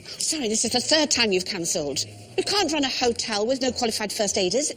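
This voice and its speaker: Sarcastic hotel manager. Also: female voice, fairly high pitch, lively intonation, a little fast, a bit bright, a little hiss or hum. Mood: exasperated. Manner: crisp, cutting sarcasm.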